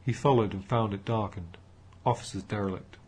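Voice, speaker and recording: A man narrating an audiobook in a measured storytelling manner. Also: fairly low pitch, a little mellow, breathy edge.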